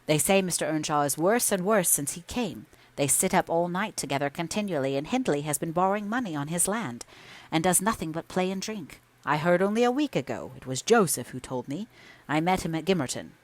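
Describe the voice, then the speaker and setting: A woman narrating a classic novel as an audiobook, in a measured, expressive storytelling manner. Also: fairly low pitch. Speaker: audiobook reader.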